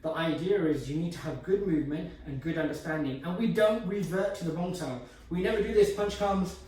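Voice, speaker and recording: A man's voice: a little high, darkish tone. A man teaching a martial arts technique, explaining step by step while he demonstrates. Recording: echoey room from far off, faint noise.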